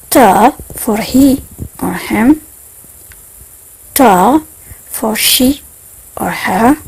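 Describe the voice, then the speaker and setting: A woman teaching a beginner language lesson, speaking slowly and carefully and repeating each point. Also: a little high, a little mellow, breathy edge, poor audio. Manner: slow, repetitive, careful enunciation.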